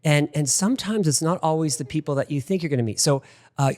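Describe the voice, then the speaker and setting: Middle-aged male host, animated storyteller. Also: fairly high pitch, fast. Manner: animated anecdotal storyteller with frequent "like". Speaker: podcast host. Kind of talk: casual interview storytelling.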